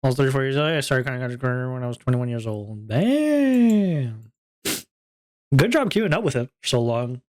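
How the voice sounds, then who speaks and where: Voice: medium pitch, expressive, normal speed, darkish tone. A VTuber streamer in casual live-stream chat, joking around and reading viewers' messages aloud before answering them. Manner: playful, goofy, jokey banter.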